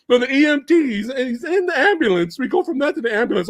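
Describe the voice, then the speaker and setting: A podcast host with a high voice chats about a film on a live stream, talking fairly quickly, his pitch leaping as he acts out scenes and yells the lines. He swears freely and laughs through his retellings. The sound is close and dry, with no room around it.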